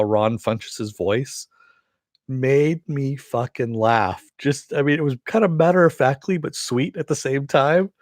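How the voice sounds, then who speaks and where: A man's voice: mid-range voice, dry recording, studio quality. A man giving a casual, rambling episode review, laughing often and swearing.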